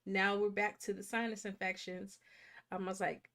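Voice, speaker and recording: A woman in her thirties hosts a live movie watch stream, chatting casually and greeting viewers by name. She sounds a little congested from a sinus infection, with a medium-pitched voice and a slow pace.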